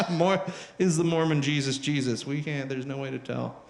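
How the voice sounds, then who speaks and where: A young man with a high, bright voice works a club crowd with crude, self-mocking stand-up. He shouts at the audience and drops into loud jeering impressions. The live room rings around his handheld mic, with faint crowd noise behind. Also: a little slow, vocal fry. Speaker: stand-up comedian. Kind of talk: stand-up comedy set. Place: comedy club stage. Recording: roomy live club sound. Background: crowd laughter.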